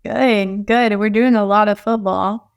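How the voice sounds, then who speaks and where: A woman's voice: mid-range voice, fairly even intonation, measured pace, vocal fry, smooth. A woman in her thirties from Texas, a podcast guest chatting in an easygoing way and laughing often. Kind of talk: casual chat.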